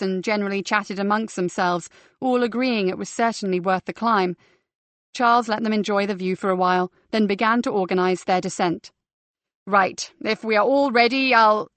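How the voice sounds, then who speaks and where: A woman with a mid-range voice reads a crime novel audiobook in a steady, measured way. It's scripted narration with no echo.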